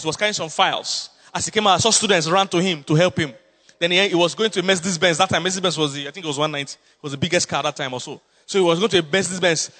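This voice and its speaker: A Nigerian-accented pastor tells a story during a sermon, moving between quiet asides and loud exclamations. Long hall reverb fills the recording.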